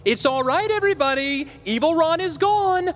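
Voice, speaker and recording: Brief: a flirty, teasing spy recruiter, very lively sing-song delivery. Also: female voice, high-pitched, normal speed, music in the background. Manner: coy, suggestive sing-song. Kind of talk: comedy audio drama.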